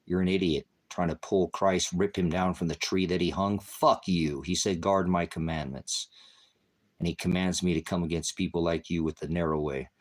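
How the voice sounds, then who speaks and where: Deep-voiced man ranting and cursing. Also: fairly even intonation, moderate pace. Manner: heavy cursing, insulting and berating; confrontational, talks to a commenter. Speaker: online preacher. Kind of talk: angry livestream rant.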